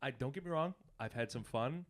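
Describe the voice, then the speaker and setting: A man's voice: mid-range voice, fairly quick. A young man appearing as a guest comedian on a podcast, talking casually with blunt opinions and frequent profanity.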